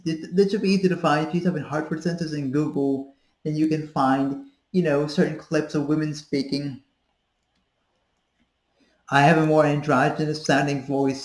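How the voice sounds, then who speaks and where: This woman has a low, darkish voice. A voice coach in her thirties, she rambles through a casual voice-training tutorial with plenty of fillers, demonstrating sounds in an echoey room.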